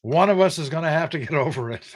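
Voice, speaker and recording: A man's voice: on the high side, breathy edge. An older man from the United States runs a casual trivia livestream. He is teasing and wry, reading viewers' answers aloud and joking back at them. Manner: teasing, sarcastic, reads viewer names aloud. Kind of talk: casual live-chat trivia banter.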